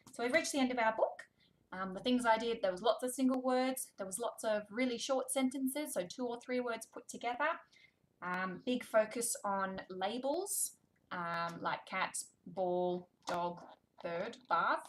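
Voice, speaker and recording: A young adult woman, a speech therapist, gently and encouragingly explaining tips while reading a book with a toddler. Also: on the high side, normal speed, background noise.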